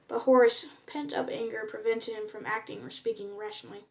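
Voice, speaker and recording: A woman reading a novel aloud, unrehearsed and plain. She often trips over words and goes back to restart them. Her voice sits somewhat high. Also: big pitch swings, a little fast, vocal fry, far from the mic. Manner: unpolished reading, frequent stumbles and restarts. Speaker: reader.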